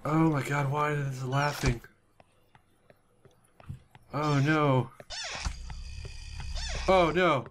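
A young man commentating a horror game at his computer, swinging from hushed whispers to panicked yelps and swearing. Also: on the high side, steady tone, drawn-out words, long pauses, background noise. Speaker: gaming channel host. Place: at home at a computer with headphones on.

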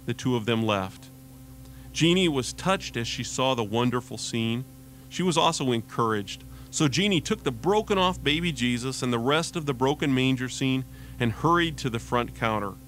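Man, radio devotional host, scripted sermon narration, earnest, measured, middle pitch. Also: lively intonation, a bit bright, slight background noise. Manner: earnest, measured preaching delivery.

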